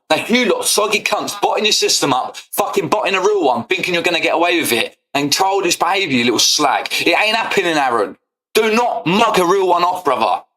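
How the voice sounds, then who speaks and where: A slightly high, fairly bright male voice carries an angry to-camera rant on a football fan channel. He's combative and foul-mouthed, leaning on a repeated "yeah?"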